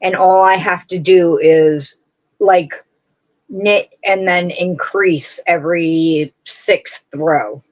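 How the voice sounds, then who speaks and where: Slow-talking woman chatting on a livestream. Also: lowish voice, fairly even intonation, dull audio. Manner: rambling, chatty, answers chat comments. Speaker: host of a live crafting stream. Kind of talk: casual chat with live viewers.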